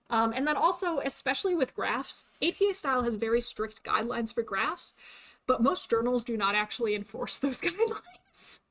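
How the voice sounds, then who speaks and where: Chatty young woman streamer, slightly high. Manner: chatty, filler-heavy, laughs often. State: voice starting to tire. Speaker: VTuber streamer. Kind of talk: casual livestream chat.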